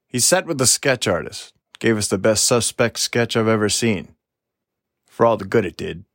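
An actor playing a gruff, foul-mouthed veteran police detective who talks bluntly and wearily. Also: male voice, lowish voice, no echo, clean studio sound. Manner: blunt, profane, world-weary. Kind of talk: true-crime audio drama interview.

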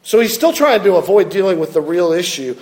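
High-voiced preacher in a reverberant hall. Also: male voice, a little fast. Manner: expressive preaching, acts out quoted lines. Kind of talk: sermon.

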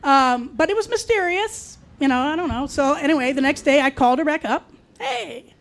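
High-voiced woman telling a wry true story. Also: brisk. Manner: wry, confiding, with dark humor. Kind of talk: personal storytelling.

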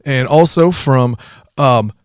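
A chatty man in his forties co-hosts a relaxed church podcast. He wanders through his stories with frequent laughs. The sound is dry and close. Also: mid-range voice, slow pace, clean tone, no echo. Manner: rambling, chatty, laughs often. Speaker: podcast co-host. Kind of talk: casual chat.

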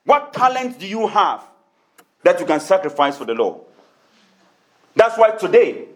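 A man's voice: high voice, fairly bright tone, echoey room. A man preaching a sermon as pastor, telling a story and acting out the people in it. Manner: storytelling preacher, acts out quoted voices.

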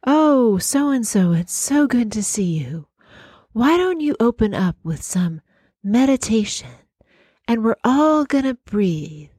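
A woman voicing a serene woman seminar leader who speaks in a soft, sing-songy way. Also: fairly high pitch, very animated, takes it slowly, slightly rough, no room sound, studio quality, heavily acted. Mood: mock-soothing.

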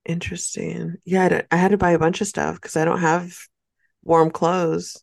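A woman from California co-hosts a casual podcast and tells her stories with candid, dramatic flair, laughing often. Her voice sits on the low side for a woman. The recording is dry and close. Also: flat delivery, moderate pace, gravelly, a little mellow, no echo. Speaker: podcast co-host. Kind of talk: casual chat.

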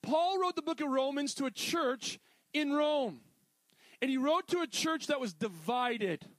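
A middle-aged man preaching a sermon in a casual, animated way, full of jokey asides. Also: very high-pitched, a little slow, no echo. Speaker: pastor.

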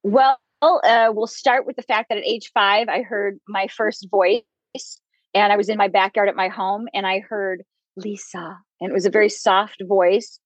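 Interview guest: woman, 50s, candid storyteller, frequent laughter, middle pitch, dry lo-fi recording. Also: steady tone, moderate pace, no room sound. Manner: candid, laughs often while telling stories. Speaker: guest psychic medium.

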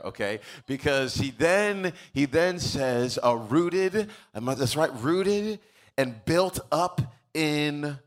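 A man's voice: mid-range voice, a bit bright. A man preaching a sermon as pastor, telling stories casually and building to emphatic preaching.

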